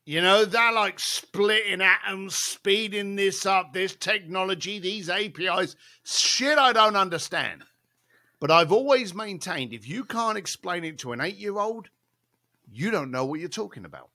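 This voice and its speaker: A man's voice: sits high, measured pace. A man, a guest on an interview show, telling a salty anecdote with lots of asides. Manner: lively, salty anecdotes with frequent laughs and asides. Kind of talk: animated storytelling in a podcast interview.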